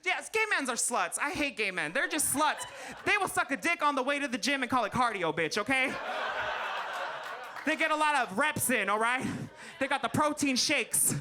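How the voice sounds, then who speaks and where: High-voiced sassy drag queen comic. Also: animated, normal speed, noisy background. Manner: brash, sassy, swearing, loud laughing asides. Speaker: drag queen stand-up comedian. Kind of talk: stand-up comedy set. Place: live comedy stage before an audience.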